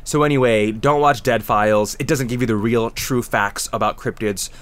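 A man hosting a casual comedy podcast, ranting in an animated, sarcastic way. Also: mid-range voice, moderate pace. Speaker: podcast host.

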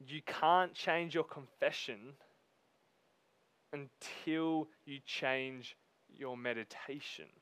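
A man preaching a sermon. He reads scripture slowly, then talks to the congregation in a casual, emphatic way. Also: mid-range voice, fairly bright tone, smooth, dry recording.

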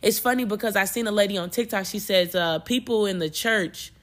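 A young adult woman hosting a podcast, talking casually about faith in an emotional, animated way, often repeating and restarting her words. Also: mid-range voice, fairly quick. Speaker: podcast host and preacher. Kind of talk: casual spiritual talk.

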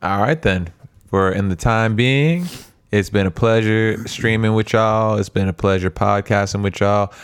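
A man's voice: fairly low pitch, a little slow, smooth. A man co-hosting a podcast in casual chat, easygoing and laughing often. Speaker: podcast co-host.

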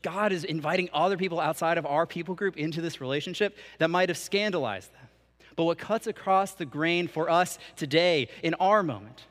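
A young man serving as canon for student ministry preaches a sermon, mixing scripture with casual, conversational asides. His voice is fairly high-pitched with a fairly bright tone, and the church hall gives the recording a long reverb.

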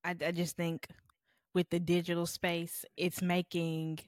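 A woman's voice: lowish voice, completely flat delivery, unhurried, no echo, studio quality. A young adult woman co-hosting a podcast, frank and joking in casual chat. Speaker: podcast co-host.

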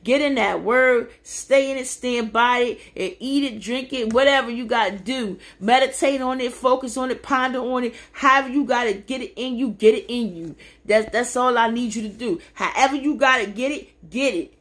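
A woman with a fairly high voice preaches into her phone on a livestream. Her carries a fervent, repeating cadence that swells into shouts and then drops low again. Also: moderate pace. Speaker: podcast host. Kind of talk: preaching on a social media livestream. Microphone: phone or webcam on a livestream.

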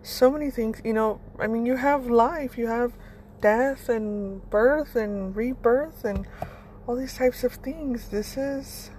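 A woman's voice: fairly high pitch, slow pace, a little mellow, a little hiss or hum. Blunt, swearing woman giving pep talk. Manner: blunt, swears freely, rambling with restarts. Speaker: podcast host. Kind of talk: casual motivational monologue.

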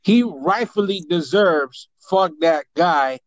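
A man's voice: sits high, expressive, takes it slowly, no room sound. A young man on a casual fantasy football podcast, emphatic and opinionated. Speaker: podcast co-host.

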